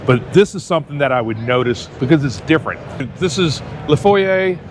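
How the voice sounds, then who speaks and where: A man's voice: fairly high pitch, lively intonation, normal speed, noisy background. Chatty man hosting an expo walkthrough. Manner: friendly, chatty, says y'all. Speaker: show host interviewing exhibitors. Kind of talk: casual trade show walkthrough. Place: busy expo hall.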